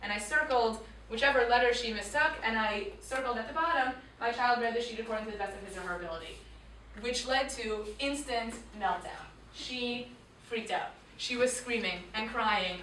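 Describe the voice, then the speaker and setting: A woman in her thirties, a teacher telling a lively personal story to a school audience, acting out voices and dropping to quiet tones. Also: a little high, moderate pace, slight background noise. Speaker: teacher speaking to students. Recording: echoey room picked up from far off.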